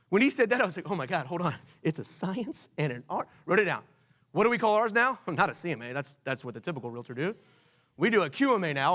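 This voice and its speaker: A man from Washington, D.C. hosting a conference session, coaching the audience in an energetic way and quizzing the room with questions. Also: on the high side. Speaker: conference host.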